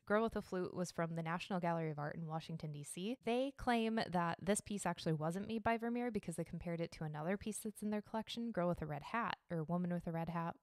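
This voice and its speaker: A woman's voice: fairly low pitch, dry recording, studio quality. A woman hosting her own podcast from home, talking in a chatty, rambling way and swearing freely. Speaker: podcast host. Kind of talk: casual solo podcast chat.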